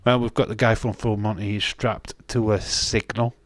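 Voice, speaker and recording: A man's lowish voice holds a level tone at normal speed, with no echo. He has a Yorkshire accent, comes from Castleford, England, and hosts a live stream with blunt, casual chat, free swearing and restarted sentences. The session is a watch-along in which he reads viewer comments.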